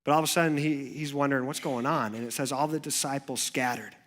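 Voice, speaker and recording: Speaking quickly at a medium pitch, a male youth pastor gives a church sermon, spinning the story between soft, hushed stretches and animated ones.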